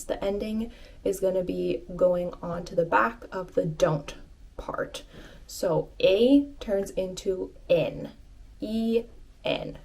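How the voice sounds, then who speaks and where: A woman teaches an online language lesson in an unhurried, deliberate rhythm. She repeats each phrase carefully, patient and encouraging, at a mid-range pitch. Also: mellow.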